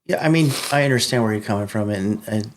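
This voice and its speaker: A man co-hosting a podcast in casual, heartfelt conversation, supportive and asking gentle probing questions. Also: fairly low pitch, fast talker. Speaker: podcast co-host.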